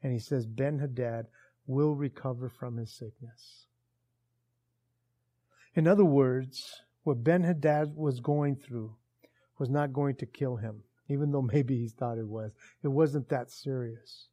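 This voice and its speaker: A man preaching a sermon in a casual, animated storytelling way that builds in intensity. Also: mid-range voice, unhurried. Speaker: pastor.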